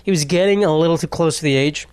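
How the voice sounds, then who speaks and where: A man hosting a comedy podcast in a somewhat high voice, rambling through profane stories and laughing at his own jokes. The sound is close and dry. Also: fast, darkish tone, smooth, no echo. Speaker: podcast host.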